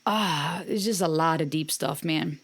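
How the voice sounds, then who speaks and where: A woman's voice: deep voice, measured pace, gravelly. A woman hosting a music reaction video, talking casually and earnestly, with encouraging, faith-based remarks to her viewers.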